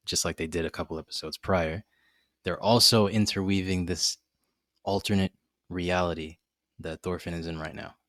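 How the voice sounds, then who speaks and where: A man's voice: deep voice, a bit bright, no echo, clean studio sound. A man co-hosting an anime discussion podcast, recapping scenes thoughtfully and at length in casual chat.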